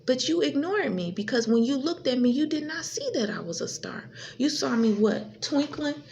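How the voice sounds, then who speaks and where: Woman tarot vlogger, gravelly and combative, a faint hiss behind her. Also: sing-song, normal speed, a little mellow. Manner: confrontational, repetitive, swings between high and low pitch. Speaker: tarot reader. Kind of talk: direct-to-camera tarot reading.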